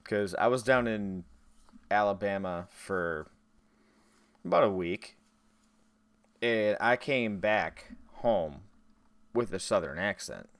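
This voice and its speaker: A man's voice: on the low side, takes it slowly, pauses often, no echo. A man streaming a game, chatting casually with his viewers between tasks. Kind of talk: casual live-stream chat while gaming.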